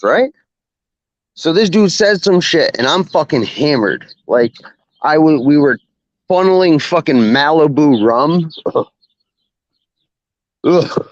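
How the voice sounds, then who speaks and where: A man's voice: a little high, dry recording. A young man casually telling a long story, profane and rambling, laughing now and then. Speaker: podcast host. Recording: dull lo-fi sound.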